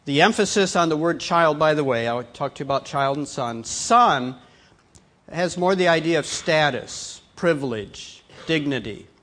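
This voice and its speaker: A middle-aged man preaching a sermon with a fairly high voice. He drops to a hushed, soft tone for personal stories, then builds to loud, emphatic preaching. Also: expressive, normal speed. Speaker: pastor.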